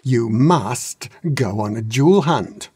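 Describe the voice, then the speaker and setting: A man's voice: mid-range voice, lively intonation, a little mellow, husky, dry recording, clean studio sound, exaggerated voice. A man voicing an ancient, wise old dragon who drones and grumbles in a storybook reading. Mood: grumbling. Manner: droning, slow.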